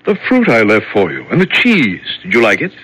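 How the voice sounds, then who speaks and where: A breezy, husky prison guard. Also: male voice, lowish voice, wildly swooping pitch, bright, forceful tone, heavily acted, rough recording. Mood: offhand. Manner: brisk, offhand. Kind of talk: 1970s radio drama acting.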